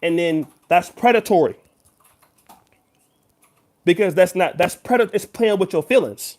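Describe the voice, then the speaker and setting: High-voiced man lecturing viewers. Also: expressive, unhurried, darkish tone. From United States. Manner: emphatic, lecturing, speaks straight to the viewer. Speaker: YouTuber. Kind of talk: direct-to-camera commentary.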